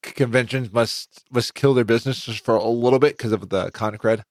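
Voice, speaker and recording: A podcast host with a middle-pitched voice, friendly and a bit halting as they turn to each guest. The mic sound is dry. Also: a little mellow, no room sound. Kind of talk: casual chat.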